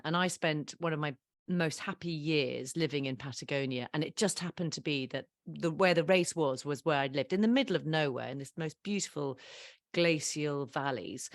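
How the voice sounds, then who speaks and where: A woman in her fifties, a podcast guest telling stories in a casual interview, animated and laughing often at her own mishaps. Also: sits low, dry recording, clean studio sound. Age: 50s.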